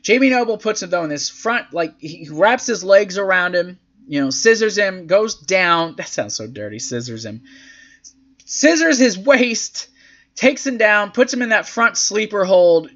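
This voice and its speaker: Animated, profane man recapping wrestling matches. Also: high voice, a little slow, dull audio. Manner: profane, sarcastic, animated, acts out quotes in silly voices. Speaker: podcast host reviewing wrestling events. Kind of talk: casual commentary and recap.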